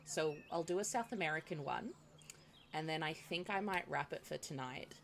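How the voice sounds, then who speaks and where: A woman's voice: low voice, moderate pace, gravelly, fairly bright tone, a little hiss or hum. A woman chatting casually while streaming a game, talking back to her viewers. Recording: music playing behind the voice.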